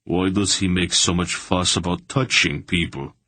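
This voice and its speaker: A man voicing a blunt, gruff male warrior who speaks demandingly. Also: sits low, moderate pace, sharp tone.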